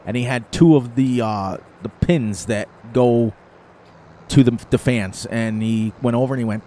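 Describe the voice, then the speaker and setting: A man's voice: medium pitch, normal speed, warm tone, slight background noise. A middle-aged man hosting a gaming channel, chatting casually over gameplay and telling rambling stories with frequent laughter.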